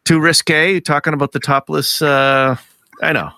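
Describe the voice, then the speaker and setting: A man hosting a casual podcast, excitable and quick to swear. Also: a little high, creaky, dry recording. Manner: excitable, swears freely, laughs often. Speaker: podcast host. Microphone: home studio mic, remote recording.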